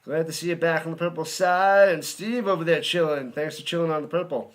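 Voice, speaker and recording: A man's voice: fairly high pitch, fairly quick. A man giving live play-by-play commentary, chatty, humming and joking between plays and rising on big ones.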